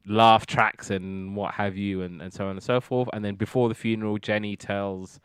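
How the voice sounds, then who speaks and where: A man's voice: lowish voice, fairly even intonation, moderate pace, clear, resonant tone, no echo, studio quality. A man casually recapping TV sitcom episodes, rambling with lots of fillers and slipping into quoted character lines. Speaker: TV review podcast host.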